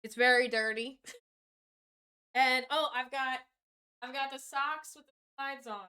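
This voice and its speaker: Woman streamer, casual chat, bright and very clear voice, playful. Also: sits high, steady tone, a little slow. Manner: chatty, playful, swears freely.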